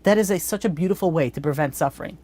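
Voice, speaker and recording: A woman's voice: sits low, racing, mellow, breathy edge. A woman giving a religious lesson in a blunt, conversational way, with frequent restarts. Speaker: Torah teacher.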